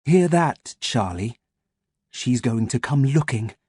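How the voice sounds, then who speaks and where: A man's voice: mid-range voice, expressive, takes it slowly, husky, no room sound, studio quality. Man playing a taunting villainous scientist. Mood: mocking. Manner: silky, taunting, mock-gentle. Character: menacing scheming male scientist villain.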